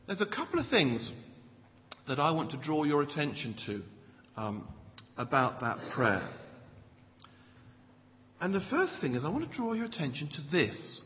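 Preacher with a lively, high voice. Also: male voice, moderate pace, long pauses, a little hiss or hum. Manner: emphatic, swings between loud stresses and soft low asides. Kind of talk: sermon. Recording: dull lo-fi sound with long hall reverb.

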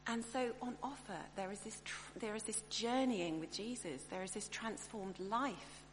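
A woman preaching a sermon in a chatty, expressive way, often breaking off and restarting her thoughts. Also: medium pitch, normal speed, hardly any pauses. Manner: chatty, expressive, self-interrupting. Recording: echoey hall, faint hum.

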